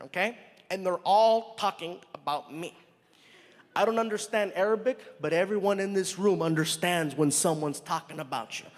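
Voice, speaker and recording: A male stand-up comedian, animated and acting out the people in his story as he talks to a live crowd. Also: high-pitched. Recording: live venue with long reverb, faint ambience.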